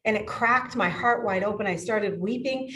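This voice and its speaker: A woman's voice: mid-range voice, normal speed, bright, forceful tone, poor audio. A woman in her fifties who owns a yoga studio, telling personal stories in an interview with emotional, effusive energy and frequent laughter. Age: 50s. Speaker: yoga studio owner and teacher. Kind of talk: podcast interview.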